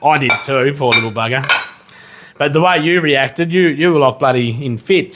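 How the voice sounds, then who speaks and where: Rambling chef on a livestream. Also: male voice, medium pitch, normal speed. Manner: rambling, swears casually, bursts into excited yelling. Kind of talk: casual livestream chat while cooking.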